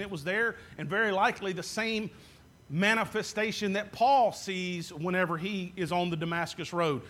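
A man's voice: high voice, a bit bright. A man preaching a sermon as pastor, posing questions to the congregation and answering them himself.

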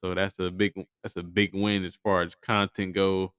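A man speaks in a low, smooth, resonant voice. He hosts a casual solo podcast, blunt and profane, often stammering and restarting his sentences. The sound is dry and close to the mic. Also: little pitch movement, moderate pace, fairly bright tone, no room sound. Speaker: podcast host.

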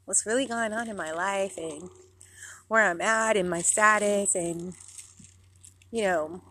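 A woman in her thirties hosts a podcast outdoors in a park, chatting casually and rambling with lots of fillers while sounding a little out of breath. Her voice is medium in pitch and bright, with a forceful tone and an unhurried pace.

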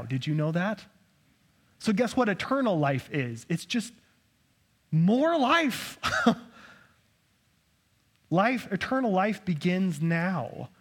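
Male pastor, fairly high voice, chatty self-deprecating sermon delivery, rhetorical questions.

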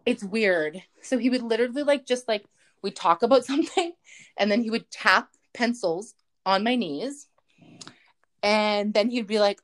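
A woman's voice: on the high side, animated, normal speed. A young woman co-hosting a podcast in casual chat, laughing often and filling her talk with "like". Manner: chatty, laughs often, heavy use of "like". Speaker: podcast co-host.

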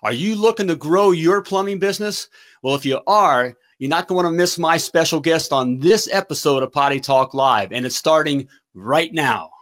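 An excitable man hosting a live plumbing business show, hyped up and stumbling over his words. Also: a little high, moderate pace. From United States. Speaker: host of a plumbing business livestream.

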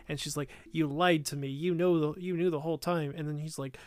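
Male podcast co-host, slightly high clear voice, dry close mic, animated explainer. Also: moderate pace, dry recording. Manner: explains plot, acting out quoted lines. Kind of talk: casual movie discussion.

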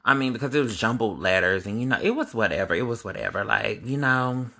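Bright-voiced young man telling a story. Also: fast, vocal fry. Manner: animated and profane, with sudden high-pitched exclamations. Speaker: vlogger. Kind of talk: casual storytime monologue.

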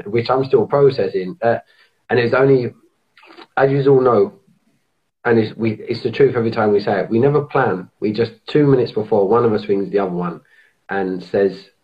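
A man hosts a live-streamed chat, his low voice coming through dull, lo-fi audio. He rambles and keeps restarting his sentences as he talks. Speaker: podcast host.

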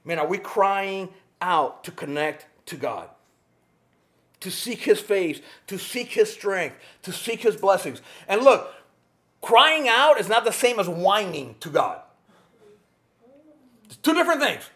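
A man preaching a sermon with passion, rising to near shouts and dropping to quiet, earnest tones. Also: sits high, big pitch swings, slow pace, long pauses. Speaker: pastor.

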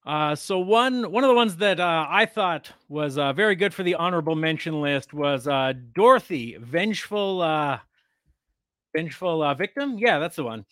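A young man with a high, bright voice, joining a podcast as a guest. He speaks in a relaxed way and breaks his sentences with hesitant pauses. The sound is dry and close. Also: no room sound. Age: young adult. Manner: relaxed, technical, many "uh" pauses. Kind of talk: casual podcast chat.

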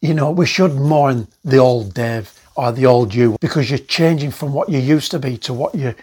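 Earnest man preaching, husky voice. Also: medium pitch, normal speed, a little mellow. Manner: earnest preaching with repetitions and restarts. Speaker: pastor. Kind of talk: sermon.

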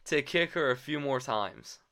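A young man co-hosting a casual podcast, swearing freely and cracking jokes between laughs. His voice is bright and smooth. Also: medium pitch, expressive, measured pace. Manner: loose, crude, joking, laughs often. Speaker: podcast co-host.

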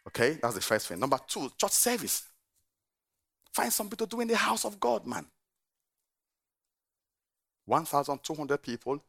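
A middle-aged man, a pastor, preaching a sermon with animated storytelling and frequent laughter. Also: fairly high pitch.

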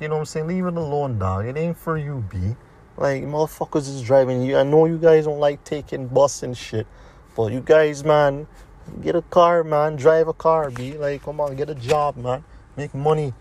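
A man's voice: medium pitch, a little mellow. Blunt swearing man ranting by a street. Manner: blunt, repetitive, heavy slang and swearing. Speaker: vlogger. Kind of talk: profane motivational rant to camera. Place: outdoors near a street with passing cars. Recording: faint street noise with traffic.

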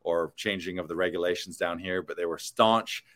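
A Canadian man with a Canadian accent hosts a casual podcast for actors. His voice sits fairly low, and he rambles through stories with plenty of "um" and "uh" as he goes. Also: steady tone, normal speed, a bit bright. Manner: rambling storyteller, many fillers. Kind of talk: casual chat.

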